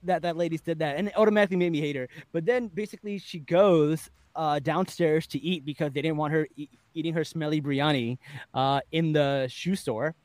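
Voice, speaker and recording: Male podcast host, upper-middle pitch, dry close sound, lively storyteller. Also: fairly quick, no room sound. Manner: animated storytelling, laughing often, acting out quotes. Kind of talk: casual chat, recapping a TV episode.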